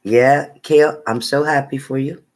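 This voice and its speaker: A woman's voice: extremely low pitch, fairly even intonation, normal speed, darkish tone, rough recording. A woman tarot reader chatting casually on a live stream, reading out viewers' names and sometimes stumbling over them.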